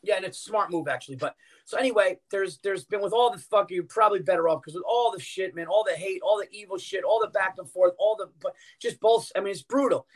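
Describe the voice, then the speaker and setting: A man's voice: high-pitched, fast talker. A middle-aged man, a comedian guest on a podcast, telling stories in casual chat and swearing freely. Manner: animated storyteller, swears freely.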